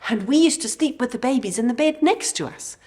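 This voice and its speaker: A woman voicing an angry, mean woman who forcefully insists on her claim in a children's Bible story. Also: medium pitch, lively intonation, slow pace. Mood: indignant. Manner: indignant, forceful.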